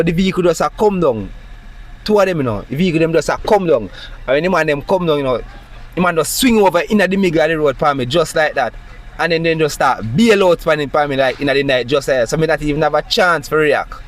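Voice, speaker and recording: A man with a Jamaican accent, speaking in an agitated, emphatic monologue full of rhetorical questions. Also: a little high. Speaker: citizen recounting a police stop. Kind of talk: impassioned monologue.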